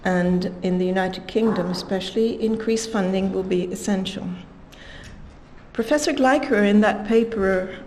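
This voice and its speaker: A woman delivering a scientific lecture at a conference, her voice pitched in the middle range. She speaks in a measured way and leans into the quotes she reads out. A faint noise sits under the recording. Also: darkish tone, low-quality recording.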